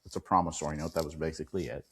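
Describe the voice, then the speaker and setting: A man, an attorney and podcast guest, telling a client story with lively quoted dialogue. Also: a bass voice, very fast, slight background noise. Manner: animated retelling, acts out quoted dialogue. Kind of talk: storytelling in an interview.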